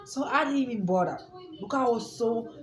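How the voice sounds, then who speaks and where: A woman's voice: on the high side, a little fast, reverberant. A woman vlogger emotionally recounting a personal story, emphatic and defiant, often repeating herself. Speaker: vlogger telling her own story.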